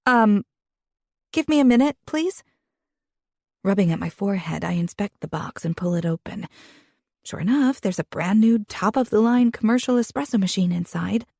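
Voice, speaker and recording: Husky young woman narrating a romance. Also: medium pitch, animated, moderate pace, darkish tone, no echo, studio quality. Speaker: audiobook narrator. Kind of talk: first-person romance audiobook narration.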